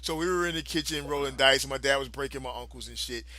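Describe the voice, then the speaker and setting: Male co-host, bright forceful voice, dry close sound, profane and laughing, rambling anecdotes. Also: medium pitch, quick pace, no room sound. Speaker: podcast co-host. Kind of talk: casual storytelling chat.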